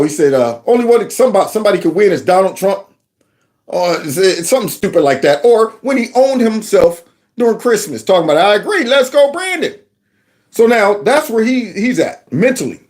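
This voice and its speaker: A man hosting casual political commentary, mocking and animated, with many fillers and restarts. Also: a little high.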